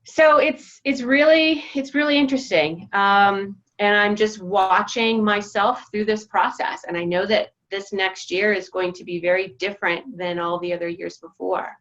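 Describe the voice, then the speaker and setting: A woman sharing her feelings over a group video call, halting and reflective with many pauses and restarts. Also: medium pitch, fairly bright tone, muffled recording. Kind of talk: casual personal sharing.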